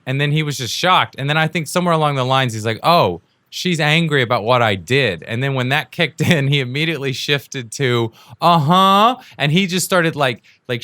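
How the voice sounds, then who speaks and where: A man of middle pitch with a bright, forceful tone tells a story in a casual, animated way. He laughs often and acts out the people in it. The sound is dry and close, with no room around it. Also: no room sound. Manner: laughs often while telling. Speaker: podcast host.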